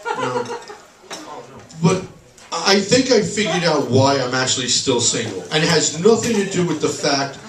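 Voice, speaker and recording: A man's voice: a little high, normal speed, a crowd in the background. Sarcastic stand-up man in an echoey bar. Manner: sarcastic, deadpan punchlines. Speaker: stand-up comedian. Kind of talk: stand-up comedy set. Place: bar stage, live room. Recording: echoey bar recorded from a distance.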